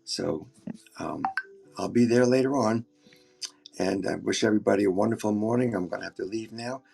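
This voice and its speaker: A man's voice: fairly low pitch, moderate pace, vocal fry, warm tone, slightly rough, soft background music. A man who works as an architect, talking reflectively in a group call, often restarting his sentences. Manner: reflective, frequent restarts and fillers. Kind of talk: casual group discussion.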